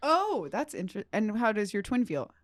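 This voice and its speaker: A woman's voice: mid-range voice, dry recording, clean studio sound. A young woman from Long Island, a comedian guest chatting playfully and laughing easily on a podcast. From Long Island, New York. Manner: animated, playful, quick to laugh. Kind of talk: casual comedy chat.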